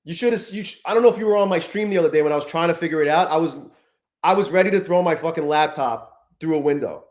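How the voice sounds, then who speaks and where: A man's voice: on the high side, quick pace, darkish tone, reverberant. A man hosting a live stream, chatting casually and profanely, rambling and greeting viewers in the chat. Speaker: livestream host.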